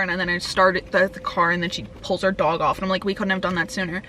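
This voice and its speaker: A young woman telling a story in a casual rant, animated and swearing often. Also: mid-range voice, quick pace, hardly any pauses, slight background noise. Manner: animated, swearing, quoting herself.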